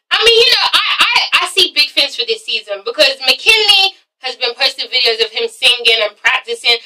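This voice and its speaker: This casual vlog features a woman with a high-pitched, sharp voice reviewing a TV drama, recorded on low-quality audio with a distant mic. She swears frequently, speaks emphatically, and keeps tossing in "okay?"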